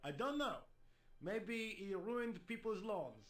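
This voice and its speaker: An actor playing a weary police sergeant in a video game, answering questions in a dry, matter-of-fact way. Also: male voice, high-pitched, lively intonation, takes it slowly, fairly bright tone, faint music behind, heavily acted.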